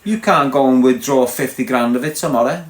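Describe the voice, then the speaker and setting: A man's voice: medium pitch, a little fast. A man with a Liverpool accent talking bluntly to his live viewers, lecturing and asking again and again if they understand. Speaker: livestream host. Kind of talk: casual rant to live viewers. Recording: echoey room.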